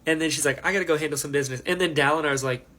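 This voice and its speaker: A young man hosting a casual book reaction, chatty and animated, acting out quotes as he recaps. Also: a little high, rapid-fire.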